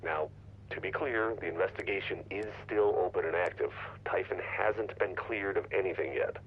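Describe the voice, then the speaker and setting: An actor voicing a formal, slightly hesitant sheriff's deputy in game dialogue. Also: male voice, low-pitched, normal speed, husky, muffled recording.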